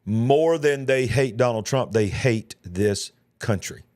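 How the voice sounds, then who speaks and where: A man's voice: mid-range voice, takes it slowly, a little mellow, no echo, studio quality. A man, hosting a live news reaction show, talking in an emphatic, emotional way and repeating himself. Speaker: host.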